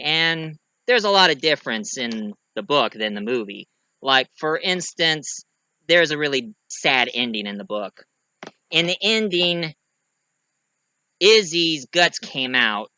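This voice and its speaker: Bright-voiced man rambling through a film review. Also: fairly high pitch, very animated, a little slow, no echo, poor audio. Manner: rambling, full of fillers and restarts, acts out quotes. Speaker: movie reviewer. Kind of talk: casual spoken movie review.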